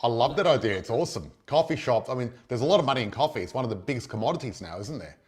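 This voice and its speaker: A man's voice: medium pitch, animated, very fast, darkish tone. A man hosting an interview, speaking with eager enthusiasm and plenty of praise for his guest. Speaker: interview host. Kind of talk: casual interview.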